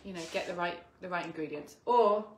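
A woman, hosting a home cooking show and chatting casually, sometimes softly humming and murmuring. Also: on the low side, brisk, roomy sound, a little hiss or hum. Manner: chatty and warm, slips into soft singing and quiet murmurs. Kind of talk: casual chat while cooking.

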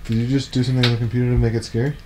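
A young man vlogging in casual chat at night, relaxed and joking. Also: mid-range voice, very fast, a little hiss or hum.

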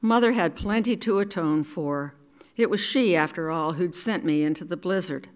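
An older woman from New York City reads her own memoir aloud. Her voice sits notably low and unhurried. She tells the story in a measured, deliberate way. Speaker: resident reader.

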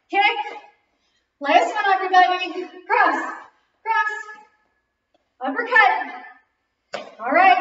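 A female fitness instructor leading a kickboxing class, counting reps and calling moves while working out, a little out of breath. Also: very high-pitched. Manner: energetic counting and cueing while exercising. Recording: very echoey distant lo-fi recording.

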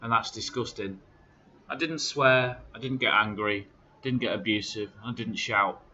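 A man's voice: lowish voice, measured pace, sharp tone, highs cut off, a little hiss or hum. A man giving a casual vlog update, aggrieved as he recounts phone calls with indignant quotes. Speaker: charity runner.

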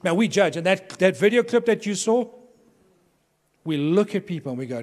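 Animated storytelling man in echoing hall. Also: high-pitched, moderate pace, pauses often. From Durban, South Africa. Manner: animated, humorous, acts out quoted people. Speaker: workshop speaker to pastors. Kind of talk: storytelling talk to a live audience. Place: large hall with an audience. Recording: long hall reverb.

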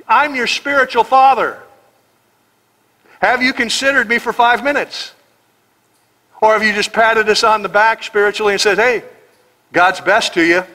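Emphatic, sarcastic American pastor, bright voice. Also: male voice, very high voice, low-quality recording. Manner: sarcastic, emphatic, rhetorical questions. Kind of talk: expository sermon.

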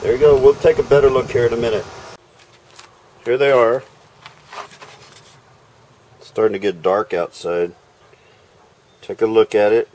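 A man runs a laid-back barbecue vlog at a backyard smoker, cracking folksy jokes to viewers and addressing the food as he cooks. His medium, darkish voice is fairly even and unhurried with long pauses. The audio is poor, carrying a slight hiss or hum.

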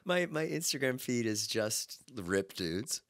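A man's voice: mid-range voice, sing-song, unhurried, fairly bright tone, dry recording, studio quality. A middle-aged podcast host chatting easily and joking at his own expense. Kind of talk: casual podcast chat.

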